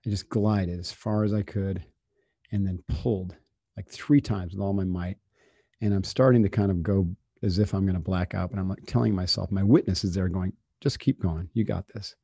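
Low, dark-voiced man telling a story. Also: fairly even intonation, normal speed, slightly rough, no room sound, studio quality. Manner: candid, casual, peppered with fillers and self-quotes. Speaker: podcast guest. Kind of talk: storytelling anecdote.

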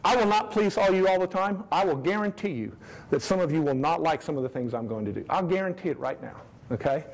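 A man's voice: a little high, lively intonation, quick pace, a little hiss or hum, poor audio. A middle-aged man, a swim coach, earnestly telling stories and laying out his philosophy to a room of parents, repeating key phrases for emphasis. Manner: earnest, storytelling, emphatic repetition.

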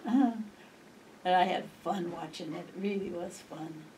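A woman's voice: lowish voice, steady tone, normal speed, darkish tone. Rambling older woman telling stories. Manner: chatty and rambling, laughing often. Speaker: interviewee. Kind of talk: reminiscing storytelling. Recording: distant mic, faint background noise.

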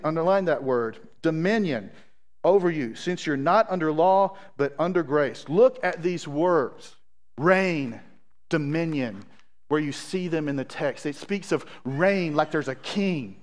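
A man, a pastor, preaching a sermon, reading scripture aloud with asides and praying earnestly. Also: high-pitched.

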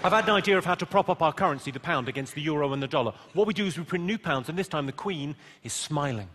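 A man with a Southern English accent doing stand-up comedy, deadpan and teasing the audience, in a large theatre. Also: on the high side, quick pace, noisy background. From England. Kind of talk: stand-up comedy with crowd work. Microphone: stage mic. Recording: live theatre recording with loud crowd laughter. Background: loud audience laughter.

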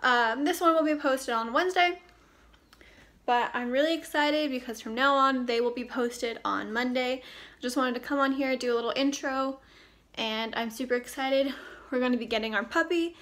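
A high, slightly bright female voice at a moderate pace belongs to a young vlogger filming at home indoors. She's casual, chatty and upbeat, scolding the dog now and then.

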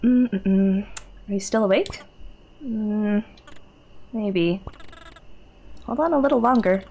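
A woman's voice: on the high side, animated, moderate pace, vocal fry, darkish tone. A woman streamer and librarian in casual live-stream chat while gaming, chatty, laughing often and reading chat aloud.

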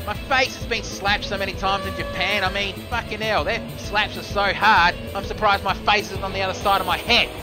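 A man giving live play-by-play commentary on a simulated wrestling show, excitable and joking, swearing casually. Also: high voice, fairly quick, hardly any pauses. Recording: music playing behind.

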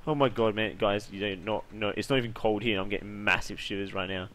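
A man giving loud, jumpy, swearing commentary while playing a horror game. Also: fairly low pitch, quick pace. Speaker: gaming YouTuber.

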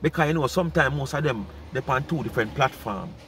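A man's voice: mid-range voice, animated, quick pace, a bit bright, slight background noise. A man with a Jamaican accent speaking patois, hosting casual commentary in an emphatic, repetitive way. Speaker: commentary channel host.

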